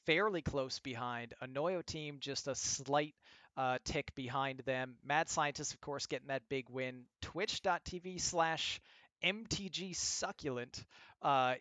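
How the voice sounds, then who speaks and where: Male stream host, slightly raised pitch, dry close mic, casual with quick promo reads. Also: sharp tone, smooth, no room sound. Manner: reads rapid-fire sponsor spots quickly and upbeat. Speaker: host of esports league show. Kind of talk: casual esports stream hosting.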